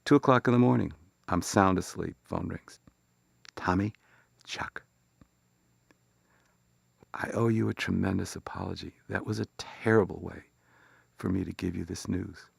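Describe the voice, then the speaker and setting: Older man, deep gravelly voice, dry close mic, halting reflective storytelling. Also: no echo. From Chicago. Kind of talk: personal storytelling.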